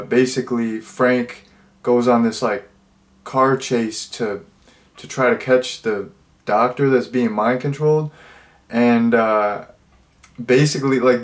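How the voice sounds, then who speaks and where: A young man casually recapping and reviewing a comedy film, rambling with lots of fillers and restarts. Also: medium pitch. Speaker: movie reviewer. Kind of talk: casual spoken movie review.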